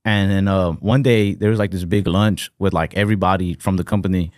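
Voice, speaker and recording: Young dude on a podcast, kinda low voice, rambly swearing stories, dry close mic. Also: male voice, fairly quick, no echo. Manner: rambling, profane, animated anecdotes with voiced quotes. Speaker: podcast co-host. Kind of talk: casual storytelling chat.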